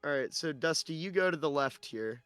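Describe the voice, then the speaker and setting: Male game master, slightly high voice, dry close mic, descriptive narration. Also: animated, a bit bright, clean tone, no room sound. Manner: descriptive, slowing for dramatic narration.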